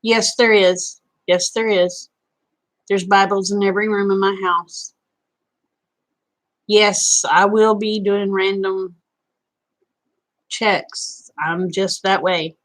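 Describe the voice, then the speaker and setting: A woman's voice: mid-range voice, fairly even intonation, slow pace. A woman chatting casually with viewers on a live stream, folksy and talkative. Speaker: vlogger.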